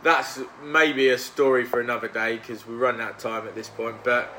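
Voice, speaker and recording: Bright-voiced man telling pub stories. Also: mid-range voice, steady tone, fairly quick, a little hiss or hum. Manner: chatty storyteller, acts out quotes. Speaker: podcast host. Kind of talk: casual chat with mates.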